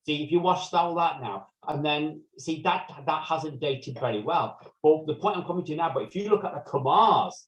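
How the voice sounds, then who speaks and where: A man in his fifties co-hosting a relaxed chat with friends, telling his stories in long animated stretches full of restarts. His voice sits a little high. He sounds set back from the mic, in a roomy, echoing space. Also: normal speed, hardly any pauses, recorded from a distance, muffled recording. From south Manchester, England. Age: 50s. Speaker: podcast co-host. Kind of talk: casual chat among friends.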